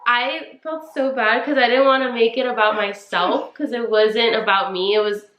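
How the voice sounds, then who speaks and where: A woman's voice: on the high side, steady tone, normal speed, a bit bright. A woman in her twenties co-hosting a podcast. She gives casual, heartfelt advice, says "like" a lot and talks straight to the listeners. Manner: earnest, heartfelt, many "like"s, addresses listeners as "you guys". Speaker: podcast co-host. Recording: echoey room.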